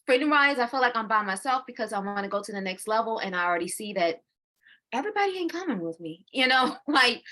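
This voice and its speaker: Woman in her 40s, bright voice, chatty co-host, laughs a lot, repeats herself. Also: a little high, expressive, quick pace. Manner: slips into quoting her own inner voice. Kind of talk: casual chat.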